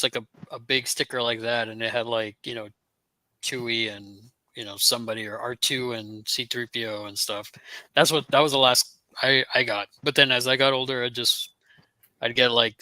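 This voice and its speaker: A man with a very bright, crisp voice chats casually in a flat, even tone. He hesitates often, restarting his sentences and filling gaps with "like" and "uh", over a dry, close mic. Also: mid-range voice, fairly quick, dry recording. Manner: hesitant, filler-heavy, many restarts. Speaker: guest. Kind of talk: casual chat.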